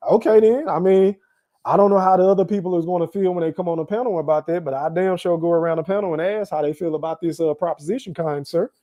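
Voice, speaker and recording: Animated man hosting a live boxing podcast. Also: high-pitched, fast talker, highs cut off. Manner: animated, laughs often, talks straight to the chat. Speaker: podcast host. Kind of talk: casual live-stream commentary.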